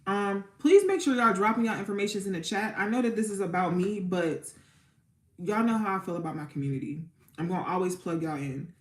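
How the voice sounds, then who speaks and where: A woman's voice: mid-range voice, brisk. A woman tarot reader hosting a casual livestream, talking to her community in a chatty, repetitive way before leading a spoken prayer. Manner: warm, chatty, repeats herself, near tears at times. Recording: roomy echo.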